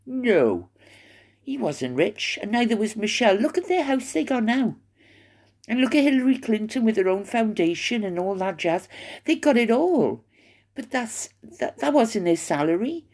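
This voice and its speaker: A woman's voice: on the high side, big pitch swings, normal speed, a little mellow. An older woman vlogging from her retirement home, chatting in a rambling, gossipy way with many fillers. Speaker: YouTuber. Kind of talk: casual chat to camera.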